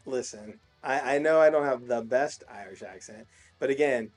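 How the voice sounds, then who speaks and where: A man's voice: mid-range voice, moderate pace, faint music behind. A man co-hosting a casual conversation, agreeable, with frequent stammered restarts. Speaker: podcast co-host. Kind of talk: casual chat.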